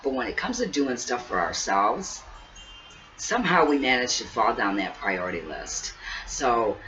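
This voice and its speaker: A woman's voice: very deep voice, very animated, measured pace, fairly bright tone, faint music behind. A woman in her fifties chatting earnestly to camera as a vlogger, repeating herself and laughing briefly now and then, seated indoors. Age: 50s. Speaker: weight-loss vlogger. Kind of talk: casual talk to camera. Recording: distant mic, dull lo-fi sound, faint hiss.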